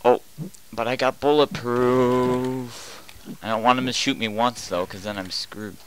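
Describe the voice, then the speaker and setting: Young man yelling over a game. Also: medium pitch, fairly even intonation, a little slow, a little hiss or hum, rough recording. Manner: jumps between quiet muttering and loud panicked yelling. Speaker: gaming commentator. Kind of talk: excited gameplay commentary.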